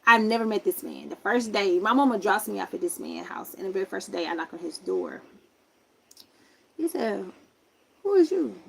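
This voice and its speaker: A young woman casually telling a personal story, acting out other people's voices with big jumps in pitch. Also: moderate pace, creaky, pushed and bright, a little hiss or hum. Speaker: vlogger telling a life story.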